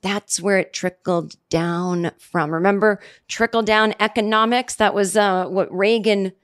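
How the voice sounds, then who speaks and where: A woman in her forties hosting a comedy podcast, talking in a rambling, sarcastic monologue full of restarts, jumping up in pitch for mock quotes. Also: steady tone, a little slow. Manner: rambling, sarcastic, self-interrupting, with many restarts. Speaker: podcast host.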